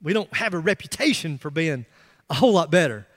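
A middle-aged man preaching a sermon in a church, telling a story with animated emphasis and frequent restarts. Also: on the high side, a little fast. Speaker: pastor. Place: church sanctuary. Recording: long reverb of a large hall.

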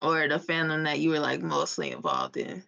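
A woman's voice: sits low, huge pitch swings, moderate pace, vocal fry, sharp tone. A young woman co-hosting a casual chat, reacting laid-back and moving the topics along. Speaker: podcast co-host. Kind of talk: casual chat among friends. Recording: dull lo-fi sound.

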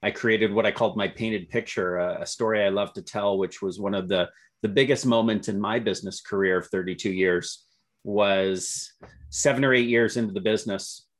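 A middle-aged man with a slightly low voice tells stories from his working life in an interview. He sounds upbeat and optimistic, often restarting his sentences as he goes. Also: steady tone, normal speed. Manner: upbeat, optimistic storyteller with self-corrections. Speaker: entrepreneur guest. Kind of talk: storytelling interview answers.

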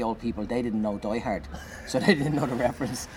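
A man, a comedian, telling an animated anecdote in conversation, swearing and shouting out the lines he acts. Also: medium pitch, fast. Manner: animated, swearing, loud acted-out bursts. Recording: noisy background.

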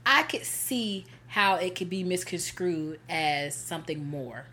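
Woman, casual chat host, storytelling, slangy, bright forceful tone, lowish voice. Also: unhurried. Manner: animated, slangy, acts out quotes. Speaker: podcast co-host.

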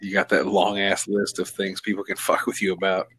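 A man's voice: sits low, completely flat delivery, brisk, a bit bright, breathy edge. A man speaking as a podcast guest, joking bluntly and swearing freely in casual chat. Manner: blunt, profane banter.

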